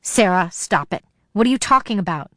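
A woman's voice: mid-range voice, expressive, brisk, no echo, studio quality, lightly acted. A woman voicing a frightened, defensive teenage boy who stammers. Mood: urgent. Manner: nervous, stammering.

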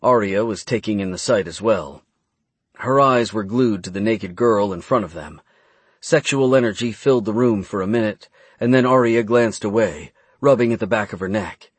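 Low, husky male audiobook narrator. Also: moderate pace, dry recording.

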